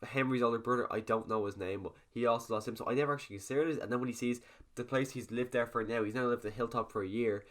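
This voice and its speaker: Fast-talking young man. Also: medium pitch. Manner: rambling, animated, swears freely. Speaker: TV episode reviewer. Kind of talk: casual video review.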